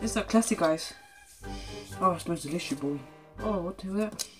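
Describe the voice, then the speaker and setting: A woman's voice: fairly low pitch, a little fast, over music. A woman vlogging a DIY food experiment at home into a phone camera, rambling and tacking guys or bro onto every sentence. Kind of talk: casual DIY food vlog.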